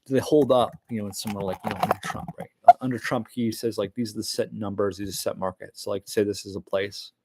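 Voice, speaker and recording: A man's voice: on the low side, fairly even intonation, fast talker, hardly any pauses, slight background noise. A man talking in a casual, meandering monologue, full of fillers and restarts. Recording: loud keyboard typing in background.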